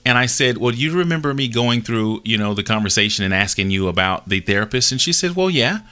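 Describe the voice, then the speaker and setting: A man's voice: lowish voice, quick pace, bright, forceful tone, clean tone. A man telling a personal story in a casual, earnest way, acting out the dialogue as he goes. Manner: earnest, retells dialogue with small restarts.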